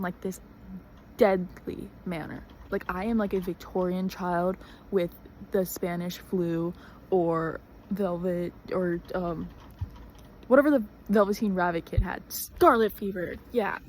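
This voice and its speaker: A woman's voice: medium pitch, darkish tone, a little hiss or hum, low-quality recording. Chatty young woman telling a story. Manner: chatty, dramatic, full of fillers. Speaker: vlogger. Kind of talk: casual storytelling.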